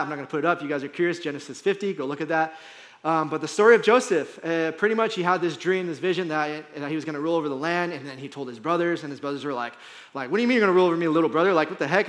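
A man's voice: a little high, fairly bright tone. A male pastor giving a sermon in a conversational style, often checking in with "right?" and "like". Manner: conversational preaching with frequent "right?" and "like". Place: church hall.

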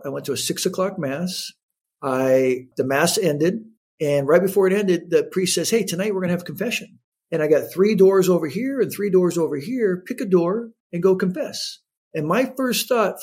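A man's voice: a little high, husky. A man in his fifties, a guest telling his story in an interview, acting out the voices of the people in it. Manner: animated storyteller acting out quotes.

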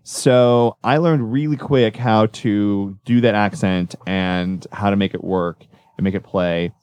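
A male magician talking casually in an interview, rambling and correcting himself as he tells animated stories. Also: on the low side, slow pace, clean tone, dry recording. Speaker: magician guest.

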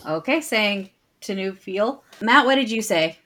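A woman's voice: mid-range voice, expressive, a little slow, bright, forceful tone. A woman hosting a trivia game, reading questions aloud and playfully teasing the players.

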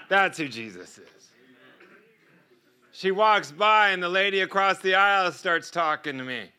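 A middle-aged man telling stories as a guest speaker in a sermon, animated and often laughing between lines. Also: high-pitched, measured pace. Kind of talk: sermon storytelling.

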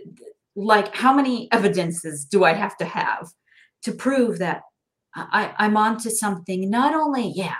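A middle-aged woman speaking as a guest in an animated interview. She talks expressively, often laughing and acting out snippets of dialogue. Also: medium pitch. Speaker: guest, financial planner.

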